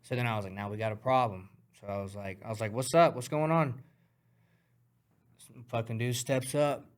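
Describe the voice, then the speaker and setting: A man recounting a fight on a podcast, voice in a middle register. He talks in an excitable, profane rush and punctuates the action with punchy sound words. He sounds casual and unfiltered. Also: mid-range voice, moderate pace. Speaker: guest fighter. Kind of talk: animated storytelling.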